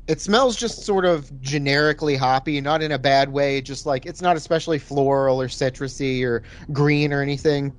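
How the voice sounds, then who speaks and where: A man co-hosting a casual podcast, talking loosely about a movie and reviewing a beer. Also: a little high. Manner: laid-back, conversational, swears casually. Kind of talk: casual chat.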